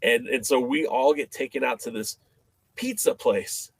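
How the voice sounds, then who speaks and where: A man as a podcast guest, telling a story in a casual, animated way, with many fillers and restarts. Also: mid-range voice, unhurried, gravelly, husky, dry recording.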